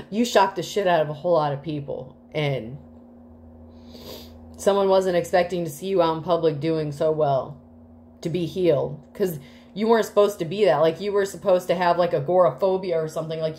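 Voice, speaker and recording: Woman, tarot reader, lower voice, rambling, emotional, swears, casual reading, slight background noise. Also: moderate pace, a little mellow. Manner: rambling, emotional, swears freely, many fillers.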